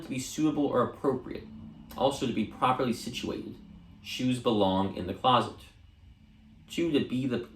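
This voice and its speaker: A man reads dictionary entries one after another at an unhurried, deliberate pace. His voice sits in a middle register and carries a roomy echo around it. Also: medium pitch, a little hiss or hum. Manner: measured, deliberate, with occasional restarts. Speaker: audiobook reader. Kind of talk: reading dictionary entries aloud.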